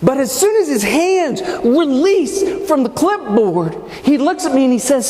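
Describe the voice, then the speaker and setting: A man gives a humorous motivational keynote with punchy comic timing. His fairly high voice swoops up and down as he tells the story. He is heard in a large, echoey hall with faint room noise. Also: big pitch swings, unhurried, few pauses, dark tone. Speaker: keynote speaker.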